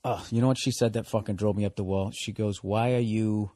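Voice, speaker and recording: A man's voice: on the low side, fairly even intonation, quick pace, dark tone, breathy edge, no room sound. A man in his forties hosting a solo podcast, ranting with profane sarcasm. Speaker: podcast host.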